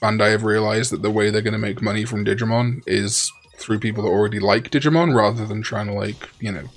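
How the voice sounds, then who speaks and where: A man's voice: on the low side, fairly even intonation, fast. A man chatting and joking casually as co-host of a Let's Play. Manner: chatty, joking, rambling asides. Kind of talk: casual gaming chat.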